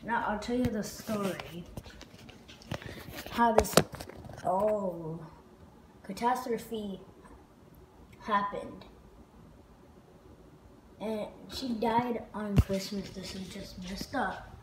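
A woman talking in a rambling personal vlog, halting with many fillers and restarts. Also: mid-range voice, background noise. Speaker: vlogger.

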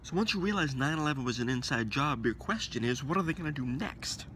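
An agitated man rants outdoors, his voice going hoarse as he swings from loud, sarcastic outbursts down to mocking whispers. His pitch jumps all over the place. Faint noise from outside sits under the voice. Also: lively intonation, fast. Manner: agitated, sarcastic, rising to near-shouts and dropping to mock whispers. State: losing his voice. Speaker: political commentator. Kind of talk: ranting monologue to camera.

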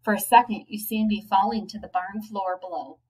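A woman, a teacher, reading a children's novel aloud, giving the children's lines a lively lift. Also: mid-range voice, brisk, recorded from a distance, poor audio. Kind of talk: storybook read-aloud.

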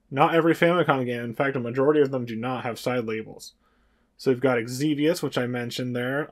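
A man at an everyday middle pitch gives a relaxed tour of his game collection. He rambles along, pausing on fillers and correcting himself as he goes. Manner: rambling, hesitant with many fillers. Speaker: retro game collector and channel host. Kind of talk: casual video tour.

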